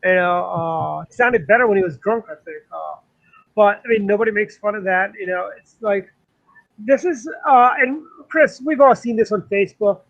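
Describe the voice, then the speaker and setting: A man's voice: high-pitched, moderate pace, a bit bright, lo-fi sound. A man co-hosting a political talk show, indignant and rambling with lots of fillers. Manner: indignant, talks in long runs with many fillers. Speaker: co-host. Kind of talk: political commentary chat.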